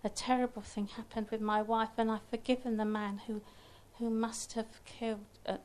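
Grieving husband, earnest and begging, gentle; a woman narrator voices him. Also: fairly high pitch, little pitch movement, normal speed, natural voice. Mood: pleading. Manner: earnest, pleading. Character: grieving young husband, pleading and forgiving.

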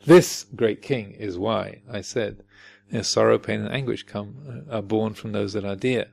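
A man doing a calm, patient, gravelly Buddha. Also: lowish voice, slight background noise. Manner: patient, slow, questioning. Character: wise, calm male Buddha teacher.

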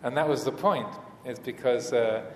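A man teaching as a Buddhist monk in a dharma talk, speaking hesitantly with many fillers and restarts and gentle humor. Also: mid-range voice, normal speed. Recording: echoey hall, faint room noise.

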